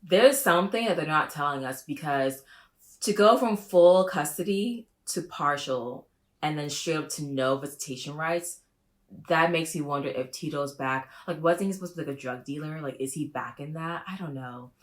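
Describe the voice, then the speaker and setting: A woman vlogger doing casual reaction commentary, gossipy and profane, with sudden animated jumps. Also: moderate pace. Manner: animated, with big pitch jumps.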